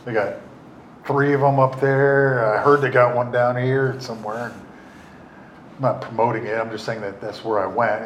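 A middle-aged man telling his recovery story in a rambling, wry way, full of fillers and restarts. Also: fairly low pitch. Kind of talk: casual spoken storytelling. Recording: roomy echo, faint noise.

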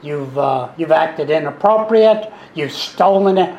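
A man's voice: fairly high pitch, animated, measured pace, darkish tone, roomy sound, rough recording. A man in his seventies speaks at a recovery meeting. His talk is folksy and wry, and he often repeats himself. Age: 70s. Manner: folksy, repetitive, wry and sarcastic. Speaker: speaker sharing recovery story. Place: meeting room.

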